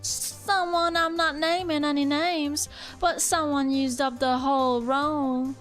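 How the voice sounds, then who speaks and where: Brash Southern photographer gal, high and drawling, put on by a woman reading a game, faint music behind. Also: little pitch movement, slow pace, fairly bright tone. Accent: put-on American Southern. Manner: drawling, boastful. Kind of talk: reading game dialogue aloud.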